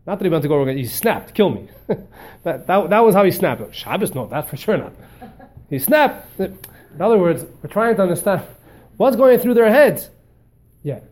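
A man teaching a religious class, telling stories in an animated way and often repeating words as he hunts for the phrase. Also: a little high. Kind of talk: storytelling lecture.

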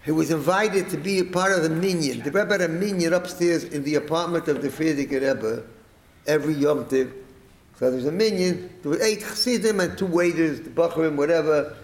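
A middle-aged man telling a family story to listeners, rambling and animated, acting out the quoted speech. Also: fairly high pitch, a little fast, reverberant, poor audio.

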